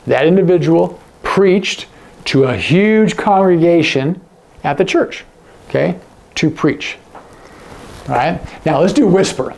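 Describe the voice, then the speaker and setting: A man teaching sign language to camera, explaining each sign and often dropping to a hush on the example words. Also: fairly high pitch, slow pace, vocal fry, long pauses.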